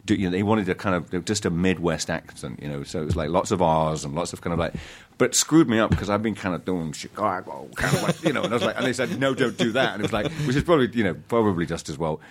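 A middle-aged man, an actor telling stories in an interview, halting and self-deprecating with many restarts. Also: low-pitched, animated, husky. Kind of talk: casual interview storytelling.

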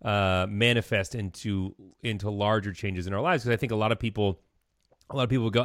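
Low-voiced man hosting an interview. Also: no echo, studio quality. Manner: thoughtful, halting, with many restarts. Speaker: radio show host. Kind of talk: conversational interview.

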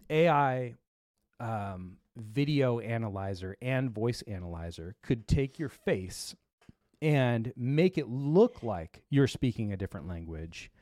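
Man, tech show host, casual rambling chat, lots of fillers, mid pitch, dry close sound. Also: darkish tone, no room sound. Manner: rambling, with many fillers and restarts.

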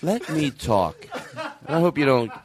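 A man's voice: mid-range voice, sing-song, a little slow, crowd noise. A man hosting a casual comedy podcast, playful and laughing as he rambles. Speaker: podcast host.

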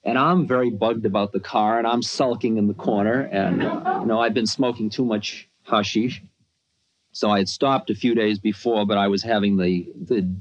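Husky man telling a rambling story. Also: lowish voice, dull audio. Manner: rambling, conversational, many asides. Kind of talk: storytelling talk.

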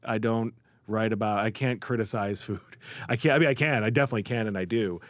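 A man's voice: on the low side, brisk, no echo. A man from the Chicago area, a guest writer, telling food stories in a casual interview and acting out the people he quotes. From Chicago area, USA. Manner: animated storyteller, quotes people in lively voices.

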